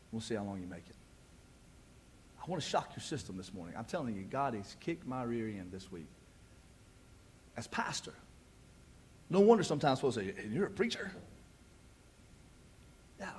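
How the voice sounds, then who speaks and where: A man's voice: medium pitch, husky. A male pastor in his thirties preaching a sermon in a folksy, conversational way, with joking asides. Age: 30s. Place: church.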